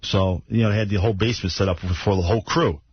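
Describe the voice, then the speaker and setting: A man telling a bawdy anecdote in a slow, blunt storytelling manner, played as an archive clip. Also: on the low side, steady tone, breathy edge, muffled recording.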